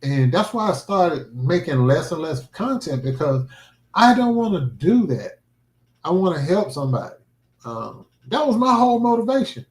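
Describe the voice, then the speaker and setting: A man's voice: a little high, sing-song, moderate pace, darkish tone. Earnest man in an echoey room. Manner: earnest, emphatic, preacherly. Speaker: livestreaming vlogger. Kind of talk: casual heartfelt livestream talk. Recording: roomy echo.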